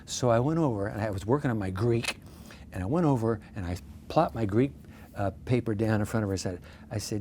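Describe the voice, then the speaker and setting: Older man, low-voiced storyteller. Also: brisk, slight background noise. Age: 60s. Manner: lively anecdotal storyteller with self-deprecating humor. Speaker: pastor, interview guest. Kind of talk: storytelling in a casual interview.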